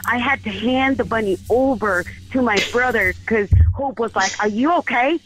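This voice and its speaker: A woman chats excitedly as a guest on a live show, her voice sitting a little high. She gushes and laughs easily as she tells her story. She sounds like she is calling in by phone. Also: normal speed, soft background music, poor audio. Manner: bubbly, gushing, laughs often. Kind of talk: excited casual chat on a live call. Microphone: phone call.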